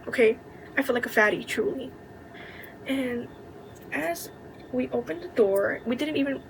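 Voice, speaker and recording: A young woman telling a college story in a candid, indignant way, with plenty of swearing and quick asides. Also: fairly high pitch, slight background noise, low-quality recording. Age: young adult. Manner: indignant, venting. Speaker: vlogger. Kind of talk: casual storytime chat.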